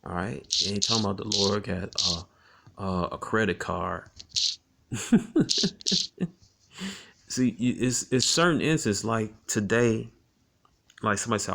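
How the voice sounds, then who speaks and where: A man with a low, gravelly, fairly bright voice leads an informal scripture teaching in a chatty way, sprinkling in "man" and "all right" and breaking into frequent chuckles. He reads the verses slowly and carefully.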